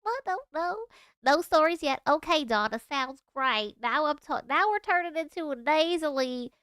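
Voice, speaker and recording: A woman's voice: high voice, lively intonation, moderate pace, fairly bright tone, no room sound, studio quality. A woman putting on a nasally Southern accent, as if she had a cold, while chatting on a live stream. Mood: playful. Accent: Southern US (put on). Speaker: livestream host. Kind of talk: casual live-stream chat.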